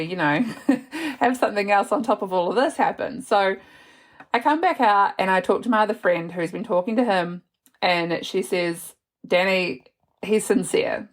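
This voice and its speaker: A young woman hosting a podcast, chatting casually and laughing often as she retells a night out. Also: on the low side. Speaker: podcast host. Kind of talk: casual storytelling monologue.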